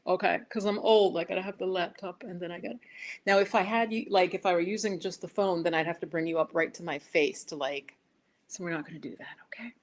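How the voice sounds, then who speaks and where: A woman's voice: fairly low pitch, fairly quick. Chatty woman hosting a yoga live stream. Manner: chatty, rambling, laughs at herself. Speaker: yoga and meditation host. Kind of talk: casual live-stream chat. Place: indoors, home set-up with laptop. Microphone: laptop.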